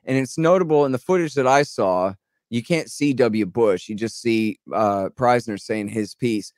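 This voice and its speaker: This podcast co-host has a mid-range male voice and talks at a normal speed. On a laid-back political show he rambles with sarcasm, animatedly retelling a story full of mock quotes, captured in clean studio sound with no room noise.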